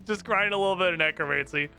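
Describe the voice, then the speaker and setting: A man's voice: high-pitched, quick pace, sharp tone. A young man streaming a fantasy game, joking and swearing casually as he plays. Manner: playful, profane, joking. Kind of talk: casual gameplay commentary. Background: game music.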